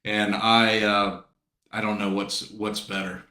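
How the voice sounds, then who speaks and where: Speaking slowly in a fairly low, flat voice with a sharp edge, a South Carolina man hosts a casual book launch video call. The room sounds spacious. He greets viewers by name and chats in a friendly, rambling way.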